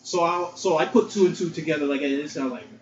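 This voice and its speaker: A young man co-hosting a podcast, chatting in a relaxed, rambling way with many fillers. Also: fairly high pitch, fast talker. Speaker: podcast co-host. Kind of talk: casual chat. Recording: roomy, dull lo-fi mic with faint noise.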